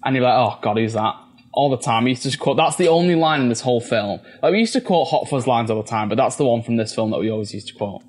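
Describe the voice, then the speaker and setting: A man's voice: mid-range voice, expressive, racing, hardly any pauses, a little mellow. A young man co-hosting a film podcast, telling a casual story with eager energy and casual swearing. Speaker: podcast co-host.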